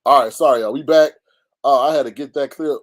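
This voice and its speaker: A man hosting a casual commentary show, talking in a loose, animated, slangy way. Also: medium pitch, a little fast.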